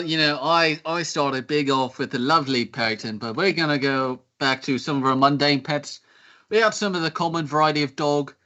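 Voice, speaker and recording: A man's voice: on the high side, sharp tone. A man voicing a chatty male elf pet shop owner with an Australian accent and rambling sales patter, on dull lo-fi audio.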